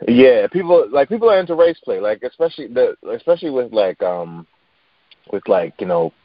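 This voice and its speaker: A man's voice: mid-range voice, very animated, fairly quick, dry recording, highs cut off. Rambling man in casual podcast banter. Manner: rambling, lots of fillers and restarts, laughs easily. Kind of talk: casual chat.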